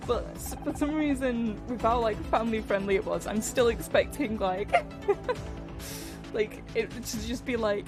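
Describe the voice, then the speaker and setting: A woman streaming a game, chatting casually, reading its dialogue aloud and laughing often. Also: on the high side. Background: game music.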